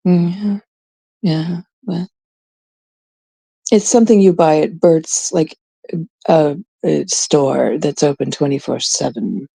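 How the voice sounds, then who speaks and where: A woman's voice: sits low, slow, vocal fry, long pauses, dark tone, breathy edge, dry recording. A woman from Canada chatting in a blunt, profane, rambling way, full of fillers, telling a story as a vlogger. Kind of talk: casual storytelling rant.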